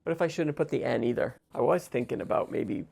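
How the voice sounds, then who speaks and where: Gravelly sarcastic man chatting while drawing. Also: mid-range voice, quick pace, darkish tone. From United States. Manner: sarcastic, jokey, talks to himself. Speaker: visual artist. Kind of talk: stream-of-consciousness drawing vlog.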